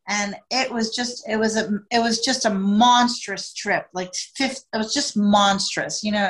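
A woman's voice: fairly high pitch, a bit bright, low-quality recording. A woman, a podcast guest, telling a travel story with lots of expression, often laughing and acting out quotes. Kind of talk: animated storytelling.

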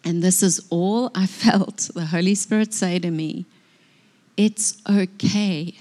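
A woman's voice: lowish voice, normal speed, dark tone. A woman sharing a personal testimony in a sermon before a congregation, speaking earnestly and with emotion. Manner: earnest, emotional, tearful at moments. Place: church hall before a congregation.

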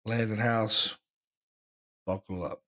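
A man hosting a podcast, talking excitedly about the recordings he plays and repeating himself as he goes. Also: fairly low pitch, takes it slowly. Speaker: podcast host, paranormal investigator.

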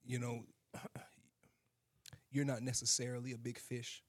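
A male co-host with an ordinary mid-range voice, taking part in a casual faith discussion. He works through his ideas out loud and keeps raising questions. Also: medium pitch, flat delivery, a little slow. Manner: thoughtful, questioning, thinks aloud.

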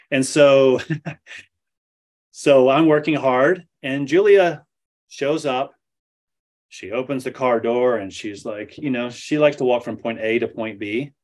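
A man giving a talk, telling an anecdote and acting out the dialogue. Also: medium pitch. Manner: animated storyteller acting out dialogue. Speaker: speaker at a study center. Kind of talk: storytelling talk with Q&A.

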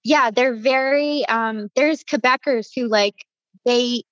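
A woman from Canada hosting a casual podcast chat, blunt and quick to swear. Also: a little high, fairly bright tone, no room sound, highs cut off. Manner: blunt, swears freely, quick back-channel replies. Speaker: podcast host.

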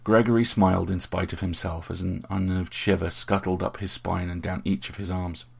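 A man narrating an audiobook in a steady, measured way. His voice is very deep and gravelly, with a husky, rough grain.

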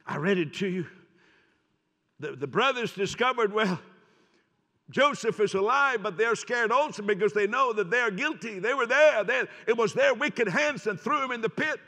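A man preaching a sermon, moving between hushed storytelling and loud, emphatic passages. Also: high voice, expressive, measured pace, pauses often. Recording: long hall reverb.

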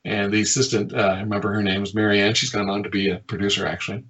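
A middle-aged man, a game designer, telling stories from his past work in a lively way, often chuckling and acting out what people said. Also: fairly low pitch, very fast, hardly any pauses, muffled recording. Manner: lively storyteller who chuckles often and acts out quotes. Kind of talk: reminiscing anecdotes in an interview.

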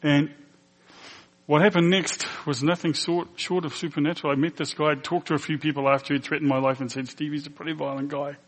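A man's voice: on the high side, flat delivery, a little fast. A man who is a pastor telling a personal testimony in a sermon, emotional and earnest, acting out the dialogue as he tells it. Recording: long hall reverb.

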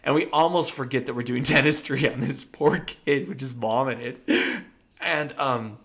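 A man's voice: mid-range voice, normal speed. Man, a dentist telling a story. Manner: animated, laughs often while telling. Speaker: podcast co-host. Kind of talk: casual storytelling chat.

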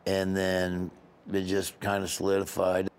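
A middle-aged man with a Southern US accent, a comedian telling stories in a casual interview, rambling and animated. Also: low voice, unhurried, smooth. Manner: rambling, animated, acts out other voices. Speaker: comedian guest.

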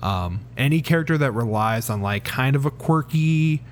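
A man's voice: mid-range voice, animated, moderate pace, slight background noise. Guy rambling on in a laid-back podcast chat, kinda loses his thread. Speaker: podcast co-host. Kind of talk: casual chat about TV shows.

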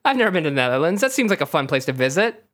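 A man's voice: fairly high pitch, big pitch swings, racing, fairly bright tone. A man co-hosting a comedy podcast, reading a gamebook aloud and breaking off into jokes and laughter. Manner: reads passages, breaks off into jokes, laughs a lot.

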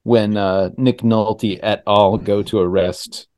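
A man hosting a casual podcast chat, animated and quick to tease his guests. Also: fairly low pitch. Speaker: podcast host.

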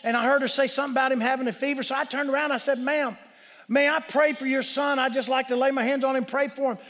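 High-voiced pastor preaching in a hall. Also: male voice, flat delivery, fast. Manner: preaching with emphatic shouted peaks and storytelling. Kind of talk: sermon. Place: church sanctuary. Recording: long reverb of a church hall.

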